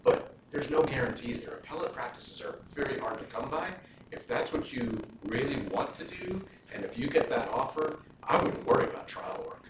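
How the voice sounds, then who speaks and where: A middle-aged man, a judge, talking casually with law students in a relaxed question-and-answer session, full of "you know" fillers and anecdotes. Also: mid-range voice, moderate pace. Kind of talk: casual Q&A talk. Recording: roomy, distant mic, room noise.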